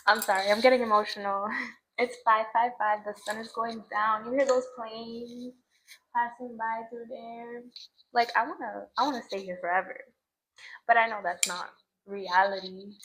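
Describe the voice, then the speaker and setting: A woman's voice: mid-range voice, a bit bright, poor audio. Young woman, casual spiritual vlog, reflective, emotional, lots of fillers, outdoors at a sunset view. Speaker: vlogger. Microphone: camera in front of her.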